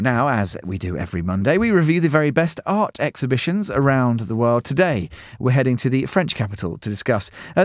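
Man, radio host, halting with fillers, dry studio sound. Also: medium pitch, dry recording. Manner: hesitant, many fillers and restarts. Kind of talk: radio interview and presenting. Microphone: studio mic.

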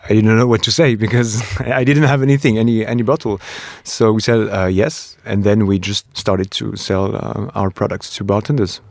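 A man from France with a French accent, a spirits brand co-founder explaining his product in a relaxed interview, with many fillers. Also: lowish voice, normal speed, hardly any pauses, no echo. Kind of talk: conversational interview.

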